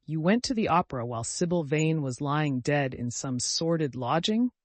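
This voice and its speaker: A man's voice: a little high, lively intonation, normal speed, dry recording, natural voice. A man reading the part of a grave older male painter, earnest and pleading, in a dry recording. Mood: pained.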